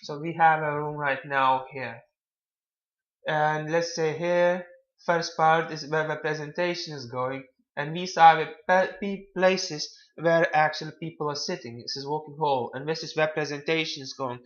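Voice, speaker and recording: Male self-help presenter, slightly high voice, halting and repetitive delivery, dull lo-fi audio. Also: fairly even intonation. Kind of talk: casual advice talk.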